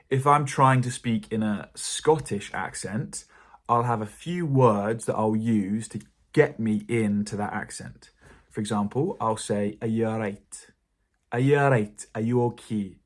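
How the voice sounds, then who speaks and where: A British man with an RP accent talks learners through a pronunciation lesson. His voice is somewhat low and slightly husky. He explains calmly and encouragingly. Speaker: English teacher.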